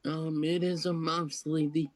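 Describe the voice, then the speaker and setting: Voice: medium pitch, little pitch movement, moderate pace. A co-host in a casual gaming chat, easygoing and agreeable, adding bits of trivia. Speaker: podcast co-host.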